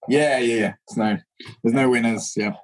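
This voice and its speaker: A man's voice: medium pitch, moderate pace, poor audio. A man, a martial arts instructor, telling stories in a casual interview and acting out the voices of the people he quotes. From Australia. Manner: animated storyteller who acts out quoted voices.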